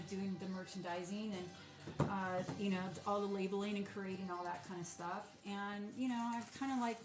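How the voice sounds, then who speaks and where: Chatty woman in a roomy space. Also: mid-range voice. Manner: chatty, rambling, many fillers and restarts. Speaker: small soap business owner. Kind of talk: casual livestream chat while packing orders. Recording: roomy sound with music behind.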